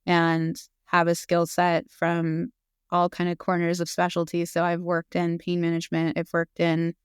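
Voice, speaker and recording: A woman's voice: fairly low pitch, monotone, moderate pace, clean tone, no echo, clean studio sound. A woman in her thirties, a physician assistant, talking openly and earnestly as a podcast guest, with frequent fillers. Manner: earnest and open, with fillers and laughs. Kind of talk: casual interview conversation.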